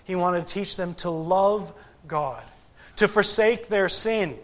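A man preaching a sermon to a gathered congregation, deliberate and emphatic, with frequent pauses and rhetorical questions. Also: sits high, fairly bright tone. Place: church gathering.

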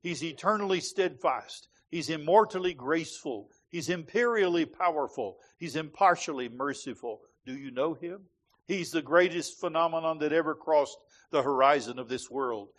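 A male preacher delivers a sermon with a rhythmic, emphatic cadence. His voice sits a little higher than most men's. He speaks to a congregation in a church sanctuary. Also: moderate pace, a bit bright.

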